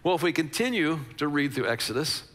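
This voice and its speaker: A man's voice: fairly high pitch, very animated, fairly quick, a bit bright, big-room sound. A man preaching a conversational sermon as a pastor, repeating phrases for emphasis.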